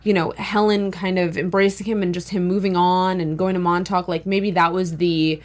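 A woman co-hosting a TV after-show, thoughtful and measured, pausing on ums. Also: lowish voice, little pitch movement. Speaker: co-host. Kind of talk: casual TV after-show chat.

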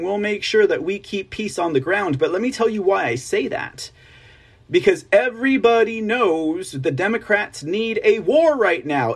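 A man's voice: sits high, slightly rough. A man hosting a political livestream news show, chatting casually, laughing often and reading viewer comments aloud.

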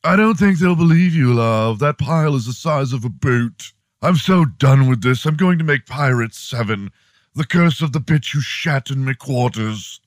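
A fed-up male movie star whines melodramatically in a put-on British lilt, as a man puts on the voice. He pitches up above his natural register and rises in volume when outraged. The sound is dry and close. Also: expressive, normal speed, no room sound, natural voice. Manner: whiny, melodramatic.

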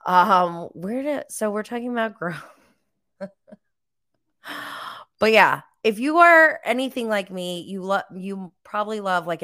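Slow, smooth-voiced woman podcast host. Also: fairly low pitch, fairly bright tone. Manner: chatty, giggly, rambling with fillers. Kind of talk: casual live recap chat.

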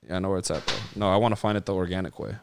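A man's voice: deep voice, very fast, crowd noise. A man co-hosting a podcast, joking around casually and swearing now and then. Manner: joking, laid-back, swearing. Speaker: podcast co-host. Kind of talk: casual chat.

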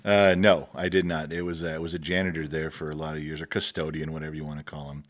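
A man's voice: very deep voice, flat delivery, fast talker. A middle-aged man telling long work stories into a podcast microphone. He chuckles often and acts out the people he quotes. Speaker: guest. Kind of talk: casual storytelling.

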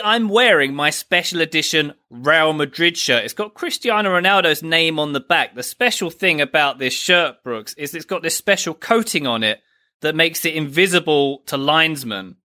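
A man co-hosting a comedy podcast, telling playful deadpan bits. His voice is bright and sharp and sits a touch high. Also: moderate pace. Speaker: podcast co-host.

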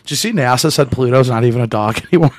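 A man's voice: mid-range voice, very fast. A man co-hosting a comedy podcast in casual chat, crude and goofy, often breaking into laughter. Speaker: podcast co-host.

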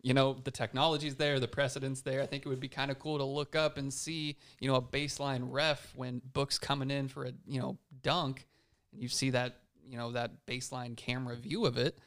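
A man's voice: medium pitch, flat delivery, brisk, a bit bright. A man co-hosting a casual sports podcast, speaking thoughtfully and with some hesitation. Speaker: podcast co-host.

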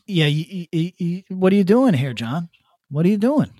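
A man's voice: high-pitched, very animated, racing, dark tone, breathy edge, pitched above the performer's own voice, full character voice. A man voicing a mocking male official on a phone call, stammering and scolding.

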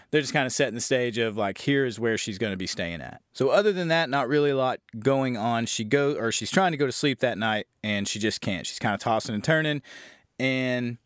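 A man's voice: medium pitch, dry recording, clean studio sound. A man recapping a horror film for his podcast, rambling and swearing as he tells the story. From Southern Louisiana. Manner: rambling, profane, animated storytelling. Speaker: podcast host reviewing a film. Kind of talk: casual spoken movie recap.

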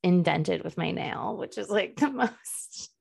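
A woman co-hosting a casual podcast, with a gravelly, fry-tinged edge in her voice. She rambles, laughs often and pokes fun at herself. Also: lowish voice, expressive, a little slow, a little mellow. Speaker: podcast co-host. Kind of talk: casual book club chat.

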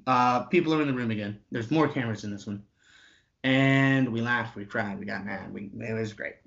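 Animated young man telling a story, lo-fi. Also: mid-range voice, moderate pace, vocal fry. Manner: animated, swearing, acting out quotes.

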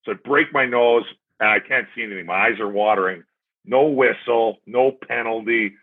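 A former hockey player appears as a podcast guest, casually telling stories and acting out things he once said. His voice sits on the low side with a breathy edge, at a normal pace, and the audio sounds tinny, like a phone.

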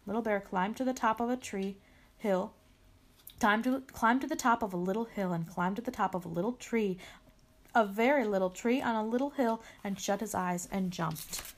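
A woman reading a children's story aloud in a clear, expressive way. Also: medium pitch, moderate pace.

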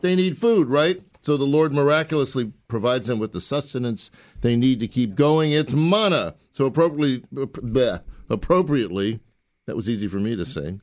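A man's voice: mid-range voice, expressive, moderate pace, a little mellow. A man co-hosting a radio food show, chatting casually, rambling and joking with many fillers and restarts.

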